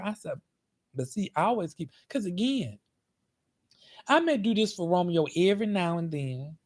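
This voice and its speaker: A man's voice: sits high, normal speed, pauses often. Chatty man telling a story. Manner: animated, repetitive, chatty. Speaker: host. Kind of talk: casual storytelling.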